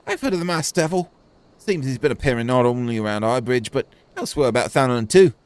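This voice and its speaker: A man's voice: medium pitch, lively intonation, fast talker, clean tone, lightly acted. A man voicing a wordy male merchant in a video game, reading in a plain, matter-of-fact way.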